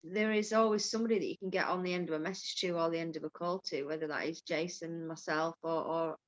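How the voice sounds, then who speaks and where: A woman's voice: on the low side, fairly even intonation, quick pace. A woman, a mindfulness coach, talking frankly and casually, swearing now and then and laughing easily. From Yorkshire, England. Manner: open, frank, swears freely, laughs often. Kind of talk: candid conversational chat. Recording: dull lo-fi call audio.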